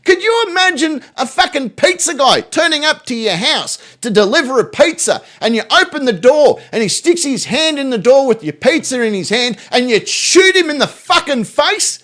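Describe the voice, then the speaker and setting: A man's voice: very high-pitched, big pitch swings, normal speed, hardly any pauses, a bit bright. An Australian man hosting a show, mocking clips in crude, constantly swearing reaction commentary.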